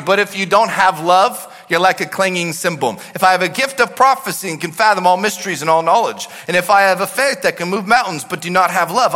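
Animated man preaching in a reverberant hall. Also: high voice. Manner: animated, swings from shouting to quiet asides. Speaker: pastor. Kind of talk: sermon.

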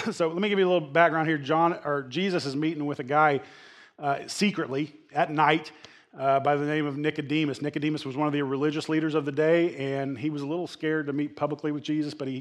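A middle-aged man preaching a casual sermon, conversational, with many fillers and restarts. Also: a little high. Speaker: pastor.

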